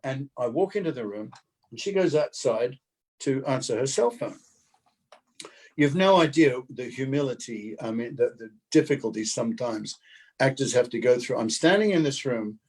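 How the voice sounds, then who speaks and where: Older man, animated anecdote, acts out voices, video call audio. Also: medium pitch, normal speed, husky, low-quality recording. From Australia. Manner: animated storyteller acting out voices. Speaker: guest actor. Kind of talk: casual anecdote telling.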